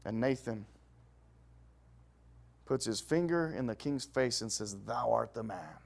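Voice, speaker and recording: A middle-aged man preaching a sermon, telling Bible stories with a voice that rises loud and drops to a hush. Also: gravelly. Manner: lively storytelling preaching, swinging from loud highs to hushed lows.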